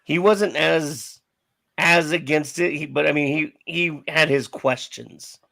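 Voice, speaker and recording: A man co-hosting a casual sports podcast with a gravelly voice, chiming in with teasing jokes. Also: fairly high pitch, takes it slowly, sharp tone, no echo, studio quality. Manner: joking, teasing interjections. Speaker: podcast co-host.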